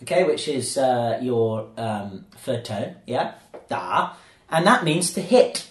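A man's voice: medium pitch, lively intonation, measured pace, reverberant. A man hosting a casual podcast, joking and explaining phrases word by word. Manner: playful, punning, explains word by word. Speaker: podcast host. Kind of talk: casual chat and phrase teaching.

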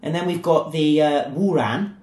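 A man's voice: on the high side, a little slow, darkish tone. A man hosting a casual podcast, playful and teasing as he leads the banter among his guests. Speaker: podcast host. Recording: echoey room.

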